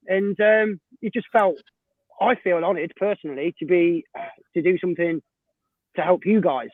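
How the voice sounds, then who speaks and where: A man chatting casually on a video call, self-deprecating and quick to laugh. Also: fairly high pitch, dry recording. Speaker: website volunteer, regular guest. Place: home in Australia. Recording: tinny, dry video call audio.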